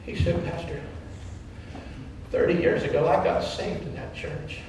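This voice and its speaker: A man's voice: on the high side, fairly even intonation, unhurried, background noise. A man from Wyoming preaching a sermon as a pastor, telling a story with passion and acting out other people's words. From Wyoming, United States. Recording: echoey hall from far off.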